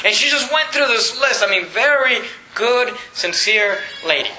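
High bright-voiced preacher in an echoey room. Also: male voice, expressive, moderate pace. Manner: emphatic preaching with rhetorical questions. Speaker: pastor. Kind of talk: sermon.

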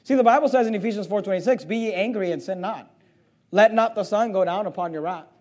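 High-pitched fiery preaching man. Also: fast talker. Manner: impassioned and indignant, swinging from loud bursts to low intensity; reads scripture aloud and answers imagined questions. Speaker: pastor. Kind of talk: fiery sermon. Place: church sanctuary.

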